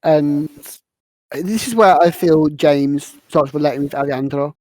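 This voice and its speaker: A woman's voice: sits low, a little slow, darkish tone, no room sound, low-quality recording. A woman hosting a casual podcast, rambling through a film recap and stumbling over her words. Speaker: podcast host.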